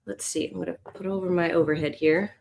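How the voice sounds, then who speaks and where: A woman's voice: on the low side, fairly even intonation, fast, vocal fry, a little mellow. A woman hosting a live sketch session as an art teacher, chatting casually and thinking aloud as she draws. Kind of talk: casual live drawing stream.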